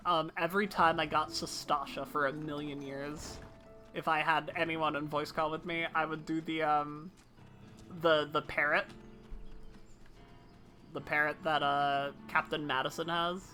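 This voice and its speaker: A woman streamer making chatty, casual commentary while playing, swearing freely and tossing off quick asides. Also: deep voice, flat delivery, bright, forceful tone, faint music behind.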